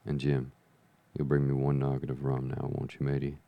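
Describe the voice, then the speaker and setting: A man reading the part of a sick old pirate sea captain, feeble and weak, pleading and grumbling in rough sailor's slang. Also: extremely low pitch, monotone, normal speed, no room sound, phone-quality sound. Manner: rough sailor's slang, begging then blustering.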